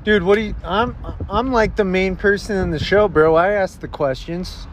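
Excitable guy hosting a goofy podcast, high voice, faint hiss in the background. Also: moderate pace. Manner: excitable, says dude and bro a lot. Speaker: host. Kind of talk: goofy comedy podcast banter.

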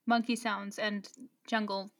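A woman's voice: mid-range voice, flat delivery, measured pace, a bit bright. A woman co-hosting a casual podcast, adding wry joking comments to a book recap. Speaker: podcast co-host.

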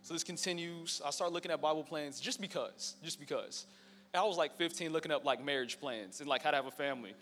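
A man's voice: on the high side, quick pace, a bit bright, slight background noise. A young man giving a casual, joking personal testimony to a live church audience. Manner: casual, storytelling, joking with the crowd. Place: church hall. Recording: long reverb in a church hall with faint music.

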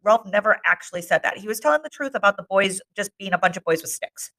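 A woman reading a novel aloud chapter by chapter, narrating steadily and pausing for short asides. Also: mid-range voice, lively intonation, fairly bright tone. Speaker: reader.

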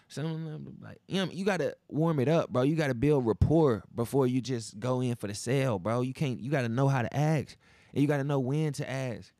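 A man's voice: medium pitch, brisk, dark tone, dry recording. A man hosting a podcast, talking alone in a loose, profane, slang-heavy style, acting out the people in his stories. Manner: loose, profane storytelling with slang and reenacted dialogue. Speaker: podcast host. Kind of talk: casual monologue.

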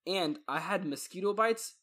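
A young man from Texas tells stories in loose, casual conversation, his voice a touch high and husky. He talks in animated bursts, full of likes and restarts. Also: normal speed. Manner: animated storyteller, many fillers. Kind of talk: casual chat.

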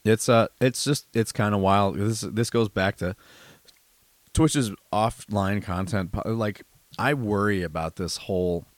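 A man's voice: lowish voice, a little slow, no echo. A man co-hosting a podcast, a streamer talking in rambling, profane, emphatic casual chat.

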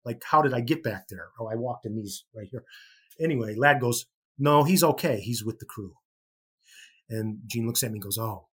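A husky-voiced middle-aged man from Chicago tells a story as a podcast guest. He is animated and jumps into other people's voices as he quotes them, his tone a little breathy. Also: on the low side, normal speed. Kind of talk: casual storytelling.

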